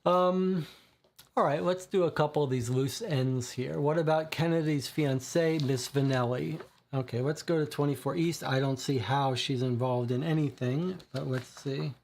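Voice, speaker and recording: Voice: mid-range voice, normal speed, a little mellow, slight background noise. A player reading case text from a co-op detective board game aloud and commenting casually between passages. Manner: reads card text, then comments casually. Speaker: streamer and player.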